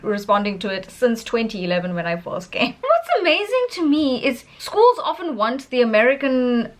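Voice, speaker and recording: A woman's voice: on the high side, moderate pace. A woman from South Africa with a South African accent, an English teacher talking in a casual vlog, emphatic and opinionated. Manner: animated, emphatic and opinionated, with frequent laughs.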